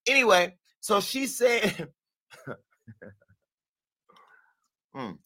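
A man hosting a celebrity gossip show, talking in a sassy, profane and animated way and laughing at his own jokes. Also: medium pitch, a little fast, no room sound. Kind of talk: brash gossip commentary.

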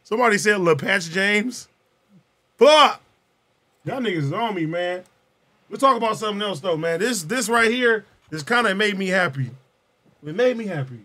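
High bright husky-voiced man. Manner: loud, laughing, slangy banter. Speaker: podcast co-host. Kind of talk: casual livestream chat.

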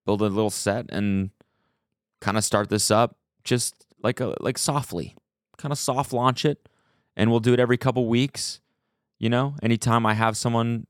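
A man with a smooth, mid-range voice hosts his own podcast, recorded on a small studio set with a studio podcast mic and no echo. He keeps it loose and joking, with frequent fillers and restarts.

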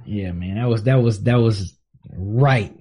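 A man hosting a live stream, chatting casually, laughing often, repeating phrases and shouting out viewers. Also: lowish voice, unhurried, breathy edge. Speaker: stream host.

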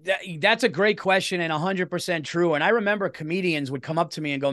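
A middle-aged man, a comedian guest telling stories in a rambling, animated way. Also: high-pitched, fast talker, hardly any pauses, no echo, studio quality. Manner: animated, rambling, self-interrupting. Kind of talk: casual interview storytelling.

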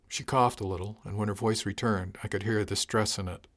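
Low-voiced man narrating an audiobook. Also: fairly even intonation, fairly quick, a bit bright. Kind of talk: first-person audiobook narration.

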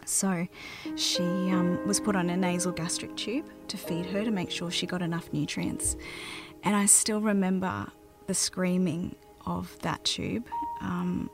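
An Australian woman recounts her family's story in a soft, halting voice that keeps sinking to a near whisper. Her voice sits low, with a gravelly fry, over faint music in the background. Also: steady tone. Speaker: mother telling her story. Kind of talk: personal storytelling interview.

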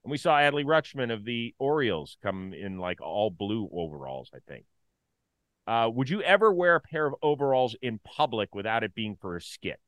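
A male co-host in casual sports chat, his pitch leaping around in lively swings. He jumps from loud, joking outbursts to half-mumbled asides. The sound is dry and close. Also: moderate pace, no room sound. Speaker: baseball show co-host.

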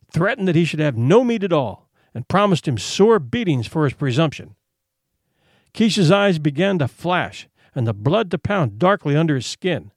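A man narrating a story aloud in an expressive storytelling manner. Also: a little high, no echo, clean studio sound. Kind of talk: audiobook narration.

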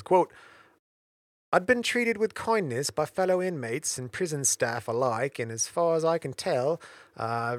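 A man's voice: mid-range voice, dry recording. A man co-hosting a casual podcast, narrating events with dates and jokes between his friends' remarks. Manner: storyteller reading out dates, joking. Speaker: podcast co-host telling the story.

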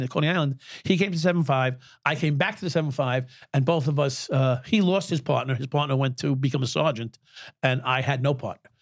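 A man in his sixties, formerly a police officer, joins a podcast as a guest and tells candid stories in a medium-pitched voice. He's blunt, swears freely and chuckles as he speaks, recorded in studio quality with no room sound.

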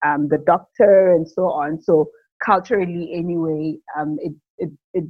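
A woman's voice: low-pitched, steady tone, normal speed, dry recording. A young woman, a new mother, talking casually in an interview, rambling with many fillers and frequent laughs. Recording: dull lo-fi sound.

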